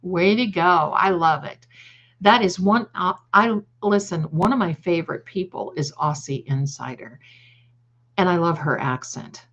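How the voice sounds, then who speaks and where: A woman psychic hosting a live stream and reading viewer comments aloud. She speaks affectionately, calls viewers "my darling," and repeats words and restarts sentences as she goes. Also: low voice. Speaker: psychic livestream host. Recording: slightly dull lo-fi stream audio.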